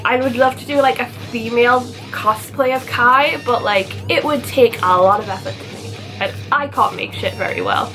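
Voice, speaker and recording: A woman's voice: on the high side, fairly bright tone. A young woman vlogger chatting casually and gushing animatedly, with gasps and mock outrage. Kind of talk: casual chatty countdown vlog.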